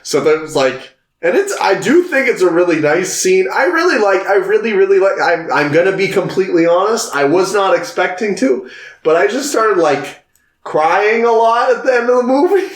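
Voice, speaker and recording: Casual young male co-host, lively and fairly high, echoey room. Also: normal speed. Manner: animated, acts out movie lines in high voices. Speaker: podcast co-host. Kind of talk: casual film review chat.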